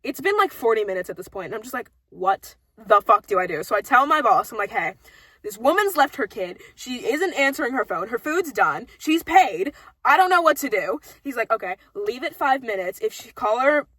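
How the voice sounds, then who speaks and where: Animated young woman telling work stories. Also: on the high side, moderate pace, no echo. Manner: animated, swears a lot, acts out quoted people. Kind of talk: casual storytelling chat.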